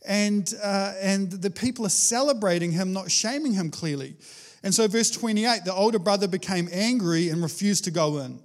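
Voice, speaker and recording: A male preacher giving a casual, conversational sermon, animated and chatty, with frequent restarts. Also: sits high, moderate pace.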